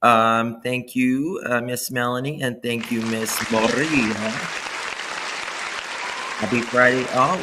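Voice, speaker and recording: A tired man hosting a casual live stream from indoors, warmly thanking chat viewers through his laptop microphone. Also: mid-range voice, slow pace, crowd noise, background noise. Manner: warm, effusive thanks to chat members. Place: indoors at home. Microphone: laptop camera mic.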